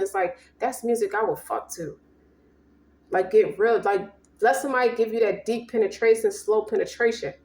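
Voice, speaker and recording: A woman's voice: on the high side, darkish tone, roomy sound. A woman giving a casual tarot reading, slangy and profane, rambling and emphatic. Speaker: tarot reader.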